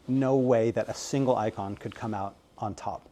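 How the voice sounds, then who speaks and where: An American man talking through interview answers at an ordinary pitch. He rambles along with plenty of ums and likes, and keeps his delivery lively. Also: measured pace. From United States. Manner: rambling, filler-heavy, animated. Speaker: game localization director.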